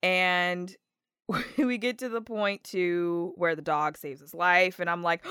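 A woman guest on a podcast, chatting casually and telling stories with animated, acted-out quotes. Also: fairly low pitch, normal speed, smooth, dry recording, studio quality. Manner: animated storyteller, acts out quotes. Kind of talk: casual chat.

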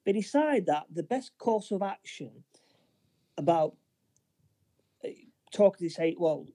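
Dark-voiced rambling man recapping. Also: high-pitched, expressive, dry recording. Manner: rambling, halting, many restarts. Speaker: podcast co-host. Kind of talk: casual film recap.

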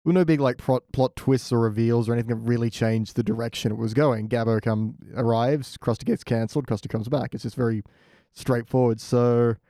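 A mellow-voiced man chats as a podcast guest, recorded close and dry. His delivery is laid-back and matter-of-fact. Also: medium pitch, steady tone, fairly quick, no echo. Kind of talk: casual chat reviewing episodes.

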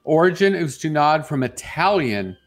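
A man's voice: on the high side, sing-song, normal speed. A man co-hosting a morning radio show, chatting and teasing his co-host in a casual, laughing way. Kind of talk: casual chat.

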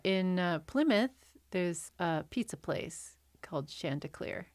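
Curious, teasing woman with a lowish voice. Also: expressive, slow, dry recording, studio quality. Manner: curious, teasing, asks many questions. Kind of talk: casual chat.

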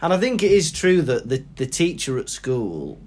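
A man's voice: mid-range voice, huge pitch swings, normal speed, darkish tone. A young Welsh man with a Welsh accent, co-hosting a podcast in casual chat and slipping into playful put-on voices. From Wales. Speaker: podcast co-host.

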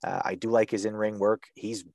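A man hosting a casual podcast chat, swearing often and pausing with many ums. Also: lowish voice, flat delivery, vocal fry, a little mellow, no echo. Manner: profane, hesitant, with many ums.

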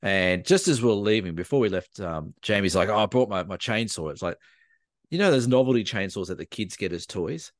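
A man with an Australian accent, a podcast co-host telling a lively, animated story in casual chat. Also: low-pitched, brisk, no room sound, clean studio sound.

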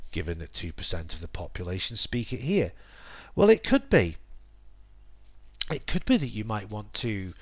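Measured man explaining in a dry recording. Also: fairly low pitch, fairly bright tone, no room sound. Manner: measured, explanatory, with occasional ums. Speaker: podcast host teaching English. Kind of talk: solo educational podcast monologue. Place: based in the UK.

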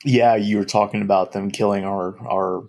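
A man's voice: fairly low pitch, steady tone, moderate pace, gravelly, a little mellow. A man chatting casually as co-host, agreeable and laughing along. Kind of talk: casual chat.

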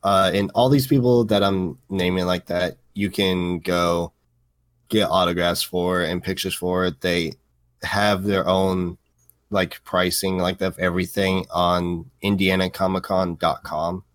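Young man, very low voice, podcast co-host, rambling, filler words, dry sound. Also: level tone, measured pace, dry recording. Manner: rambling, frequent fillers, blunt swearing. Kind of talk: casual podcast chat.

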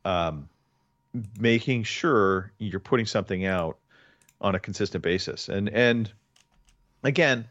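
A man with a lowish voice hosting a podcast, talking casually and rambling, circling back over his words. The sound is dry and a little dull. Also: measured pace, pauses often, a bit bright, dry recording. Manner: rambling, restarts often. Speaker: podcast host. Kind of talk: casual chat.

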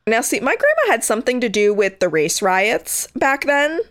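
A woman's voice: fairly high pitch, sing-song, normal speed, fairly bright tone. A young woman co-hosting a podcast in casual, chatty talk, often filling her sentences with "like". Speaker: podcast co-host. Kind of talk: casual chat.

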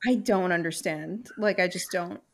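A woman's voice: on the low side, moderate pace. A young woman co-hosting a casual chat, telling a story with lots of fillers and swearing. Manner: animated storytelling, swears freely, many fillers.

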